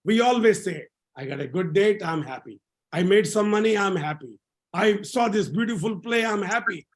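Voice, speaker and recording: A man leading a laughter yoga session over a video call, energetic and repeating his phrases for the group to echo. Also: high voice, moderate pace.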